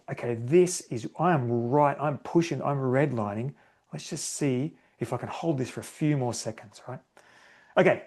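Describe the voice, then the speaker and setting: A man talking through a solo running podcast episode in a relaxed, conversational way. He slips into little voiced bits of inner self-talk and keeps checking in with the listener. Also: on the high side. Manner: conversational, acts out inner self-talk, often adds "right?". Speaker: podcast host, running coach.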